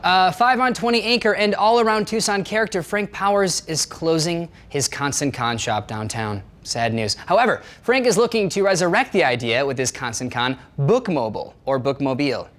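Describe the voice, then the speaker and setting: A man anchoring a satirical local newscast with wry, deadpan asides. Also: fairly high pitch, moderate pace, few pauses. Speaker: news anchor. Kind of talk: satirical local news reading.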